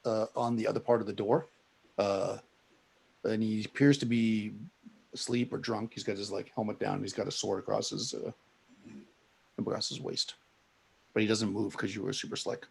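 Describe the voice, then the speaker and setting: A man's voice: lowish voice, little pitch movement, moderate pace, gravelly, long pauses, darkish tone, slightly rough. A man running a tabletop game as game master, describing scenes in a loose, rambling way with many fillers. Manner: rambling, full of fillers and restarts.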